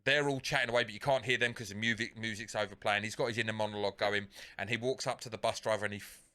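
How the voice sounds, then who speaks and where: A man's voice: on the low side, fairly even intonation, racing, sharp tone. A man co-hosting a podcast, retelling a film scene in casual, sweary chat full of fillers. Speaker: podcast co-host.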